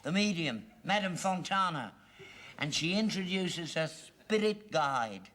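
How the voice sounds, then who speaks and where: A man's voice: a little high, animated, a little slow, sharp tone. An earnest old rag-and-bone man. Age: older. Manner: earnest and insistent. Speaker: father. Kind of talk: 1970s sitcom acting.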